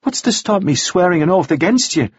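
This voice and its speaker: A man reading an audiobook, voicing a defiant, quick-witted young woman with cool, clipped replies in a raised voice. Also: sits high, very animated, husky, dry recording, highs cut off, pitched above the performer's own voice, exaggerated voice.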